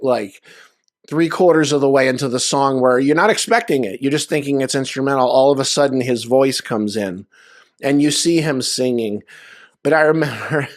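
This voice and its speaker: Over a video call, a man recounts anecdotes at a memorial in a loose, conversational style with many fillers. His voice is medium-pitched. The recording has no room sound and a clean studio quality.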